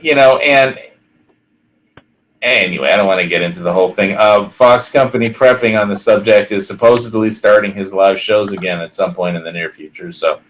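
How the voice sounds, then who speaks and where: Low-voiced rambling male podcast host. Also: brisk, a bit bright, poor audio. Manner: rambling, full of fillers and restarts; laughs often while talking. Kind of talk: casual chat.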